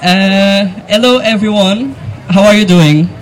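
A man working as MC at an outdoor gathering, speaking emotionally and haltingly, with frequent fillers and small laughs. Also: high voice, poor audio. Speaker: event MC. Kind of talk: live outdoor event hosting. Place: outdoor event crowd gathering.

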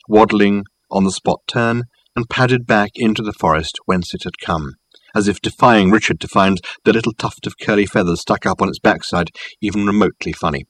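A man reading a novel aloud in a wry, measured storytelling voice, lightly voicing the characters. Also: lowish voice, husky, no echo, low-quality recording. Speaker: audiobook narrator. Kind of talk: scripted narration.

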